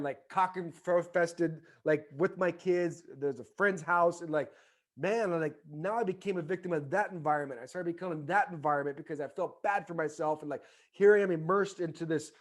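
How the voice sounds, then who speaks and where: Fervent, rambling man, higher voice. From United States. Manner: rambling, many fillers and restarts; fervent motivational delivery. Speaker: podcast guest, former baseball player. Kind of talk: casual interview storytelling.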